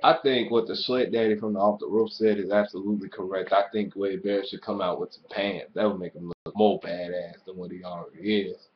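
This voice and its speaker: A man with a lowish voice rants through a casual wrestling recap, swearing at every turn and jumping between hype and irritation. The sound is dull and lo-fi, like a cheap home microphone. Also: fairly quick, hardly any pauses. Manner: excitable, swears constantly, rants. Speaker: wrestling show reviewer. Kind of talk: casual profane review rant.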